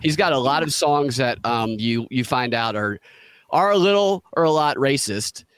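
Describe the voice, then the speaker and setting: A man's voice: medium pitch, animated, moderate pace, a bit bright, clean tone, no room sound, studio quality. A man with a Southern US accent, chatting as a podcast guest, joking and slipping into put-on voices. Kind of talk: casual podcast chat.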